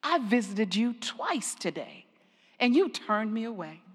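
A woman voicing God in a parable, speaking softly, low and measured. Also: very animated, husky, long reverb tail, full character voice. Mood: gentle. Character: God speaking gently in a dream.

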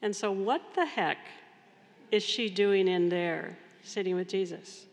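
A woman's voice: mid-range voice, unhurried. Woman priest preaching casually with stories, medium voice, echoing church. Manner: conversational, storytelling preaching. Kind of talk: sermon. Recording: long reverb of a large hall.

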